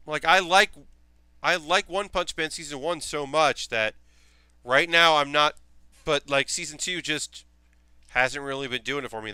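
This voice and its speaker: A man's voice: fairly high pitch, pushed and bright, clear, resonant tone, no echo. Chatty young man rambling while building. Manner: rambling, enthusiastic, swears freely, many fillers. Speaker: streamer building models. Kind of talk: casual live-stream chat while building.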